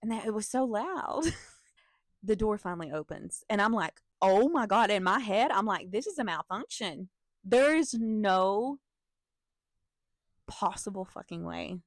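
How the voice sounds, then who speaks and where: Profane, animated woman telling a story. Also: medium pitch, no room sound, clean studio sound. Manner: animated, profane, laughing asides to the audience. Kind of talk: casual storytime vlog.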